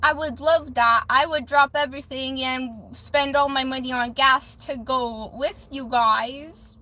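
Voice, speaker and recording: Bright, high-voiced woman livestreamer. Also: steady tone, normal speed. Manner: rambling, restarts often, says "flip" instead of swearing. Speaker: livestream host doing readings for viewers. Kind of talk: emotional casual livestream talk.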